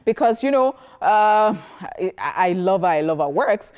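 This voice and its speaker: A woman co-hosting a casual entertainment chat show, animated and teasing, with hesitant restarts as she thinks aloud. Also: mid-range voice, unhurried, clear, resonant tone. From Nigeria.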